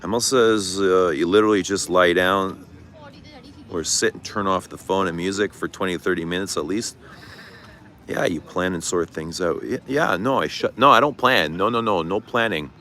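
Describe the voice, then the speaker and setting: A man's voice: low-pitched, normal speed, pushed and bright. A middle-aged man chatting candidly on a livestream, reading viewer comments and answering with frank, casual talk and some swearing. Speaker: livestream host. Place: outdoors. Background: traffic noise.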